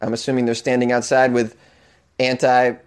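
A man's voice: medium pitch, completely flat delivery, normal speed, smooth. A man with a Boston accent hosting a comedy news show, riffing with sarcasm and mock outrage and laughing at his own jokes. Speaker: comedian podcast host.

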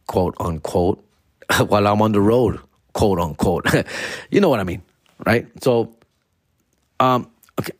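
A man's voice: lowish voice, no echo, studio quality. A man telling stories in a casual monologue, full of swearing and street slang. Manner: profane slangy banter. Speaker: storyteller host.

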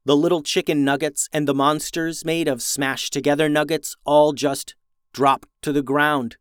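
A man reading a children's adventure story aloud, with lively voices for the characters. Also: on the high side, normal speed, smooth, dry recording, studio quality. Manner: animated, raises voice for characters' lines.

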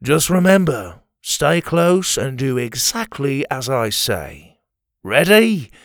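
A man's voice: mid-range voice, very animated, slow pace, no echo, clean studio sound. A man voicing a bold male musketeer who leads a time-travelling group and barks urgent orders in a storybook reading. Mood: steady warning.

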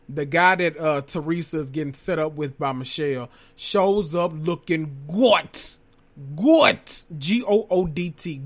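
A man hosting a podcast, giving a casual, sassy recap of a reality show, cussing freely and swinging from low murmurs to loud exclamations.

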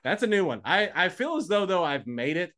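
A man in his forties, a play-by-play announcer co-hosting a sports podcast in casual, dry, self-mocking chat, quick to laugh. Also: high voice, big pitch swings, pushed and bright.

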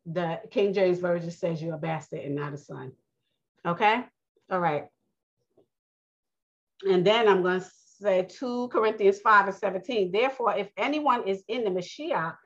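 Emphatic woman preaching over lo-fi audio. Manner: emphatic, addresses listeners as honey and baby; animated, rising high when quoting the Most High. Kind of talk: casual sermon reading scripture. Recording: lo-fi dull audio.

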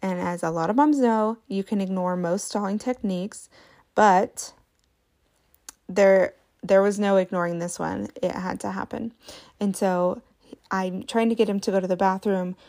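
Chatty woman podcast host with vocal fry. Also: mid-range voice, steady tone, measured pace, darkish tone. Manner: chatty, self-deprecating, laughs often. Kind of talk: casual storytelling podcast.

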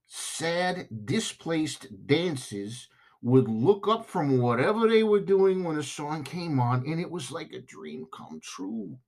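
A man putting on an over-sincere male disco singer with a back-east American accent, drawling slowly and heartfelt with swooping pitch. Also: heavily acted. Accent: back east American, put on.

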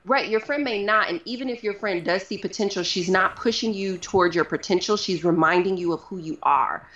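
A woman's voice: medium pitch, brisk. Chatty woman with dull lo-fi audio. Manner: animated, uses many fillers like "like". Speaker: guest. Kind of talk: casual interview talk.

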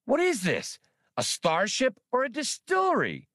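A squeaky, fussy male alien skip tracer, as an audiobook narrator puts him on. His voice sits high and springs up and down impatiently. The sound is dry and close. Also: huge pitch swings, unhurried, fairly bright tone, dry recording, full character voice. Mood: exasperated. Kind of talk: audiobook character voice.

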